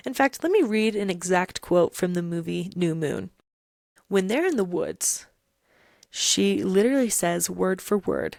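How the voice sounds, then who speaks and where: A young woman with a lowish voice and plenty of vocal fry talks through her ideas in a casual, emphatic podcast style. She keeps checking in with rhetorical questions as she argues her case. The sound is close and dry. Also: normal speed, a little mellow, no room sound. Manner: emphatic, rhetorical, keeps asking "right?" and "okay?". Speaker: podcast host. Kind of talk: casual commentary on song lyrics.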